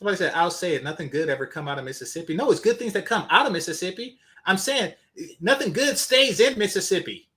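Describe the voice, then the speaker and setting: A man's voice: sits high, pushed and bright. A man hosting a reaction commentary, blunt, profane and scornful as he reads comments. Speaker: commentary channel host.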